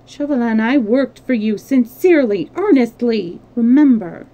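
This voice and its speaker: A woman's voice: fairly high pitch, very animated, normal speed, warm tone, lo-fi sound. A woman reading the lines of a desperate young noblewoman in an urgent, pleading voice.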